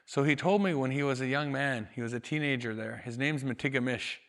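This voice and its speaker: A Canadian man, a storyteller and educator, telling a traditional story in a calm, measured way, slowing down for emphasis. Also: medium pitch. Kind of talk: oral storytelling.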